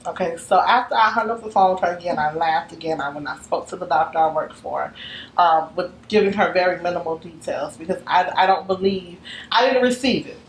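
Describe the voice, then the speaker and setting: A woman's voice: fairly low pitch, a little fast. A woman in her twenties telling a personal faith story as an interview guest, earnest, slipping into her mother's voice when she quotes her. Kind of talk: testimony interview. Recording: echoey room, faint background noise.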